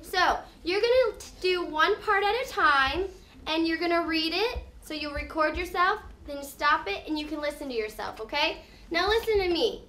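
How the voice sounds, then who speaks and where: High, bright-voiced woman teaching a class. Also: expressive, normal speed. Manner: clear, encouraging, explains step by step. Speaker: elementary school teacher. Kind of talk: classroom instruction. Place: elementary classroom.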